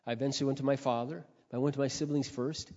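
Preacher, male, earnest storytelling sermon that builds to loud exhortation, long reverb, muffled lo-fi sound. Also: mid-range voice, fairly even intonation, fast. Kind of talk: testimony sermon.

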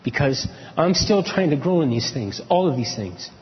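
In a large church hall, a pastor with a fairly high voice delivers a sermon that rings with long reverb, though the sound is somewhat dull and muffled. Very animated and at normal speed, he tells stories from his own marriage, swinging from low, quiet confessional murmurs to loud shouted points.

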